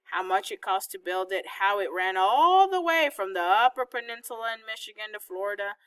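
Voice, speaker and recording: A woman reading a novel aloud, in steady storytelling narration. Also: mid-range voice, clean tone, poor audio. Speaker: audiobook reader.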